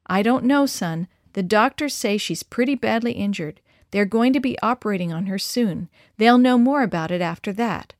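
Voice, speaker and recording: A woman voicing a calm, faithful father who speaks to his son in a steady, reassuring way. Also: mid-range voice, normal speed, few pauses, no echo, studio quality, natural voice.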